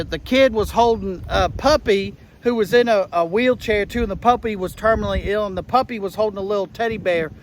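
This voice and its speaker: A man giving a rambling, deadpan comic monologue as a rally eyewitness, outdoors with traffic passing. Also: high voice, low-quality recording. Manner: rambling, deadpan, breaks into shouted slogans and gun-sound noises. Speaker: comedian playing a rally eyewitness. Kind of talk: deadpan satirical character monologue.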